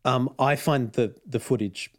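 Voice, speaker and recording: A man's voice: mid-range voice, unhurried. A man casually retelling a story as podcast host, with frequent ums and laughs. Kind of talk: casual chat.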